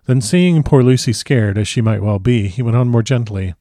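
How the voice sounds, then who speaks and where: A man narrating a classic novel in the first person with measured, formal diction. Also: mid-range voice, warm tone, no echo, studio quality. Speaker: audiobook narrator.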